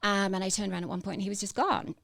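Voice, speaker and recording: A woman telling her own story in a podcast interview, halting, with many fillers and restarts. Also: mid-range voice, flat delivery, vocal fry, a bit bright, no echo, studio quality. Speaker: interview guest.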